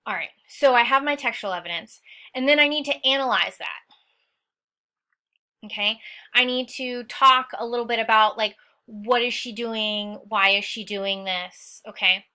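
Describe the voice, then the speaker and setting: A woman's voice: fairly high pitch, moderate pace, pushed and bright. A woman teacher talking through an essay she wrote, explaining quotes and analysis and often checking in with "okay?". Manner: instructive, frequent "okay?" check-ins; stern about lazy writing. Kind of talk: essay walkthrough lesson.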